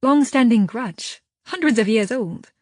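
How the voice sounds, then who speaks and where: Chatty confiding young woman friend, read by a woman, a bit higher, husky, dry. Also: animated, measured pace, no room sound.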